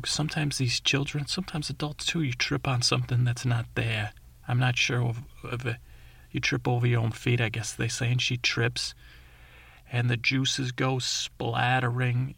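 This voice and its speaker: A man with a gravelly, slightly husky voice rambling through a folksy comic monologue. He wanders off track, stumbles, and corrects himself as he goes. The sound is close and dry. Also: medium pitch, fairly bright tone, no room sound. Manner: meandering, folksy, full of fillers and self-corrections. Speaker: comic storyteller.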